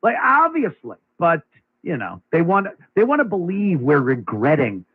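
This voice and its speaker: A man's voice: on the high side, wildly swooping pitch, moderate pace, husky. Casual man hosting talk radio. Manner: casual, agreeable, chuckling along. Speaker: radio show host. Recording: AM radio broadcast, phone-like.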